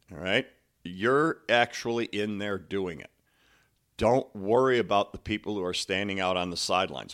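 A man talks on his motivational podcast as a coach speaking to other coaches. His voice sits on the low side. He keeps checking in with "okay?" and "right?", and he slows down to give each quoted line some weight. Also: a bit bright. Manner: earnest, stops to stress quoted lines slowly; conversational, asks listeners "okay?" and "right?". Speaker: basketball coach and podcast host.

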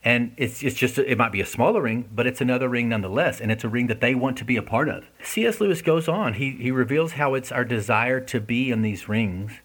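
Earnest husky man talking. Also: on the low side, a bit bright. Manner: earnest, conversational, asks listeners questions. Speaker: speaker discussing an essay. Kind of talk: casual reflective talk.

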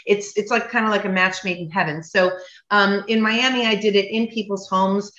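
Chatty woman guest on a podcast, bright tone, echoey dull-sounding room. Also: medium pitch, steady tone, normal speed. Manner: chatty, many fillers and restarts. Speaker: guest, cooking event business owner. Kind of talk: casual podcast interview.

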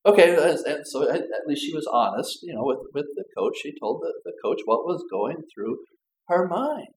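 A man's voice: on the high side, big pitch swings, moderate pace, a little mellow, a little hiss or hum. Conversational male pastor in echoey church. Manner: conversational, frequent stumbles and repeats, rhetorical tag questions. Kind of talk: sermon.

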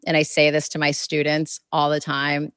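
Woman, children's author guest, low voice, rambling casual speech, close dry sound. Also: monotone, normal speed, fairly bright tone, smooth, no room sound. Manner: rambling, full of "like" and "you know"; reenacts conversations in quotes. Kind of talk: casual interview chat.

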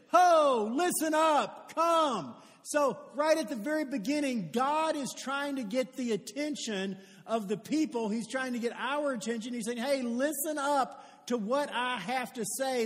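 Man, pastor giving a conversational sermon, very high voice, long church reverb. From Louisville, Kentucky. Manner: conversational, builds to loud emphatic calls. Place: church sanctuary.

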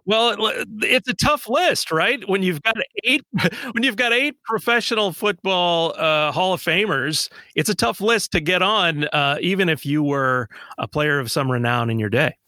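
A man co-hosting a casual sports podcast, talking in a conversational way with filler pauses and dry jokes. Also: high voice, sharp tone, dry recording. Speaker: podcast co-host.

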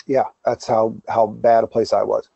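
Candid pastor, mellow lo-fi voice. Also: male voice, fairly low pitch, level tone, moderate pace, vocal fry, slightly rough, dry recording. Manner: candid, self-deprecating, storytelling with quoted asides. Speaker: pastor, guest. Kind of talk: conversational interview.

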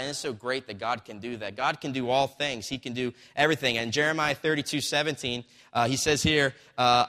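A man preaching in an easygoing, storytelling way, his voice bright and forward. His words ring out with a long reverb that fills the church sanctuary around him. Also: mid-range voice, a little fast, few pauses. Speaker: pastor. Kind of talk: sermon. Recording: long reverb of a large hall.

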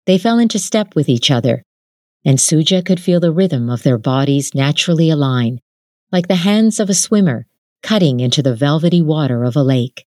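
A woman host calmly reading a novel excerpt aloud, in a gentle storytelling manner. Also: low voice, moderate pace, no echo, studio quality. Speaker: podcast host and reader. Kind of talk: scripted narration.

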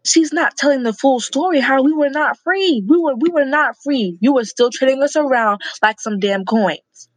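A woman's voice: sits high, normal speed, hardly any pauses, no room sound, poor audio. A girl of about twelve telling her aunt about school, frank, outspoken and upset. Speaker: niece. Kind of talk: casual family conversation.

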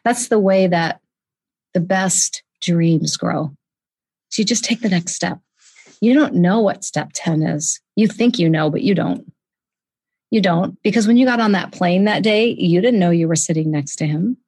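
A woman's voice: on the low side, a little slow, darkish tone, breathy edge, dry recording. A woman hosting an interview, affirming her guest and drawing out the story. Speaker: interview host.

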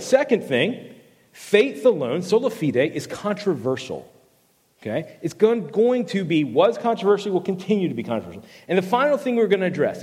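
An animated man preaching a sermon, his voice pitched a little high and swinging widely as he tells a story and jokes about himself. The sound rings with the long reverb of a big hall. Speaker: fill-in preacher.

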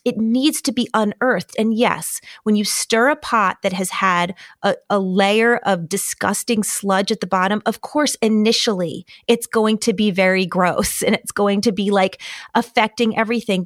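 A woman's voice: fairly high pitch, no echo, clean studio sound. A middle-aged woman, a guest in a conversation, telling a personal story in an earnest, candid and emotionally open way. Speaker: podcast guest.

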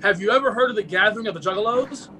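A man from Maryland hosting a casual podcast interview from home, relaxed and chatty, laughing easily. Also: high voice, very fast, low-quality recording. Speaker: podcast host.

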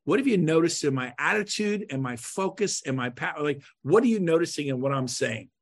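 A man coaching real estate agents on a podcast in an emphatic, punchy way, swinging between loud bursts and quiet asides. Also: fairly high pitch, lively intonation, brisk.

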